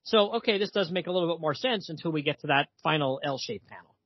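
A chatty man, slightly high and husky, retelling a comic in loose podcast talk. The sound is dry and dull. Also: lively intonation, quick pace, no echo. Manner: chatty retelling full of fillers, reads lines aloud. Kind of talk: casual chat.

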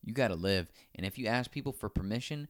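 A man's voice: lowish voice, fast, dry recording, studio quality. A man co-hosting a casual podcast, swearing freely and acting out the people in his stories with sudden jumps in voice. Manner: profane, animated storytelling with mimicked voices. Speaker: podcast co-host. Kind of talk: casual chat.

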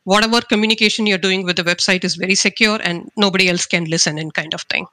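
A woman guest on a podcast, calmly explaining web development terms with simple analogies. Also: on the low side, quick pace, no echo. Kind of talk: casual podcast chat.

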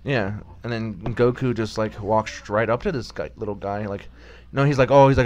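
A man's voice: lowish voice, moderate pace. A man co-hosting a casual podcast chat, rambling as he recaps an episode and acts out the characters' lines. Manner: rambling, animated retelling with acted quotes. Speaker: podcast co-host.

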